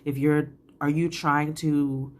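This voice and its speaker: A woman's voice: deep voice, flat delivery, slow, slight background noise. A woman from Bermuda, telling a story to camera in a rambling, reflective way. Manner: rambling, reflective, many restarts and "like". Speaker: channel host.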